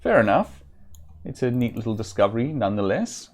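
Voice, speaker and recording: A man giving casual let's-play commentary while slightly ill, chatting and reading game text aloud with occasional throat clearing. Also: medium pitch, very animated, brisk, a little mellow. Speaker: streamer.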